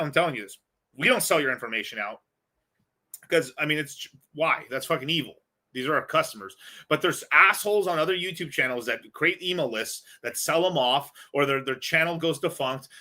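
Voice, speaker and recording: A man's voice: on the high side, sharp tone. A male host answering viewer questions in a casual livestream, rambling, blunt and full of profanity.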